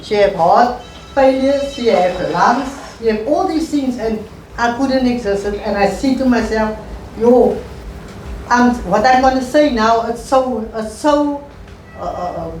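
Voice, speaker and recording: A middle-aged woman, an interview guest telling her life story in a halting, emotional way and repeating phrases. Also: a little high, darkish tone. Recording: echoey room, voice far from mic, faint noise.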